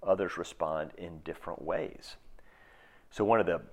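A man in his sixties preaching a sermon in a reflective, halting way, with pauses and restarts. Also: low voice, a little mellow. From United States. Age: 60s. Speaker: pastor.

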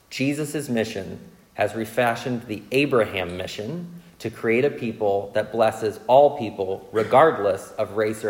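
A man preaching a sermon, telling self-mocking stories in a lively way and checking in with the audience. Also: mid-range voice. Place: large church hall. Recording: long reverb of a large church hall.

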